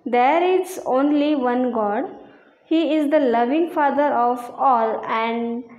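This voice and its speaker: A woman teacher goes through a lesson's answers, reading each one slowly and then repeating it. Her voice sits fairly high, and the recording has a lot of room echo. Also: a little mellow, highs cut off. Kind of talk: slow classroom lesson reading answers aloud. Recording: echoey room.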